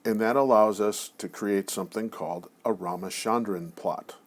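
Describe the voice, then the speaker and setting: A man giving a casual recorded lecture, talking in a relaxed, chatty way with frequent self-corrections and asides. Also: lowish voice, moderate pace.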